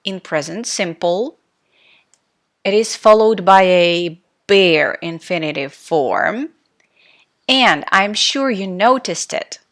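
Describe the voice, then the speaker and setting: A woman teaching a recorded English grammar lesson, speaking clearly and stressing key words in her example sentences. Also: medium pitch, animated, slow, a bit bright.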